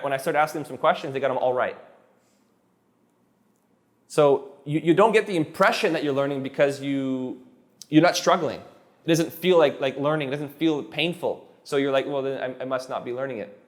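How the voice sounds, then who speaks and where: A man teaching a live class of students, relaxed and encouraging, who often repeats himself and restarts his sentences. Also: mid-range voice. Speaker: Spanish teacher.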